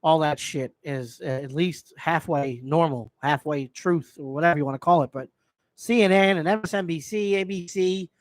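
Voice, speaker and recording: A man's voice: a little high, moderate pace, no echo. Fired-up profane man ranting. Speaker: host. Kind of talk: live stream rant.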